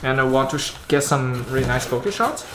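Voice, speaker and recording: A man doing a casual unboxing vlog about camera gear, chatting in a halting way and thinking aloud as he handles the lens. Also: mid-range voice, expressive, background noise. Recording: roomy echo.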